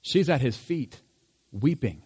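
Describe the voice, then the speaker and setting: A man's voice: medium pitch, animated, slow pace, warm tone, slightly rough. A man preaching a sermon in a conversational tone, asking rhetorical questions. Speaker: pastor.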